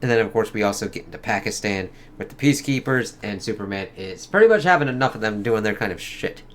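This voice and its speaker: A man's voice: lowish voice, expressive, fast talker, a bit bright, slight background noise. A man giving a casual, rambling spoken review of a comic book, swearing a lot. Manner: rambling, heavy swearing, lots of fillers.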